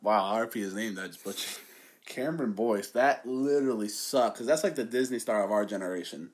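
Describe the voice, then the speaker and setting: A young man co-hosting a casual podcast, loud and joking, swearing and quick to laugh, recorded on a phone. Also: fairly low pitch. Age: young adult. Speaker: podcast co-host. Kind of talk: casual chat.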